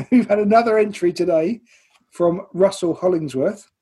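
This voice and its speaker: An English man co-hosts a casual podcast and reads listener messages aloud slowly and deliberately. His voice sits a little high and sounds mellow. It has a husky edge. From England. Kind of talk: casual chat.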